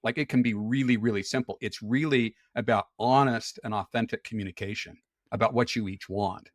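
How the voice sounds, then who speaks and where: A man's voice: lowish voice, steady tone, fairly quick, no echo, clean studio sound. A man talking as a podcast guest in candid, conversational chat. He is frank, often repeats words and restarts, and laughs easily.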